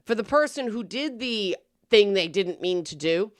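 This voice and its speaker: A woman's voice: mid-range voice, animated, normal speed, no echo, clean studio sound. A woman hosting a talk show, giving blunt, wry, emphatic advice in a scripted commentary style. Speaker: host.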